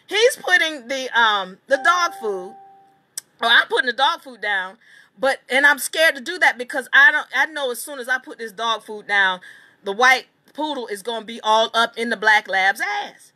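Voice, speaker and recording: A woman teaching a seminar, telling a long story in an emphatic, animated way and swearing casually. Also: fairly high pitch, normal speed. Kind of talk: storytelling lecture.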